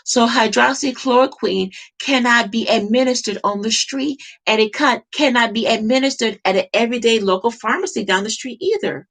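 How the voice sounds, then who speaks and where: A woman's voice: on the high side, moderate pace, hardly any pauses, fairly bright tone. A woman talking to camera in an impassioned monologue, emphatic and repetitive, firing off rhetorical questions. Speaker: vlogger.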